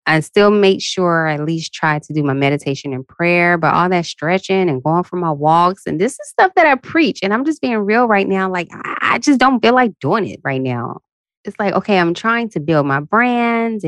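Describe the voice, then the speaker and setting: A woman's voice: no room sound, studio quality. Worn-out woman venting on her podcast. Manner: venting, candid and expressive, with sudden high-pitched asides. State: tired. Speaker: podcast host. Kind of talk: casual solo podcast rant.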